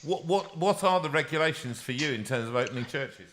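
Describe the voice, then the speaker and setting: A man hosting a casual live stream, jokey and self-mocking, talking in quick bursts. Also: on the high side, lively intonation, fairly bright tone. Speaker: host. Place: music room with a piano.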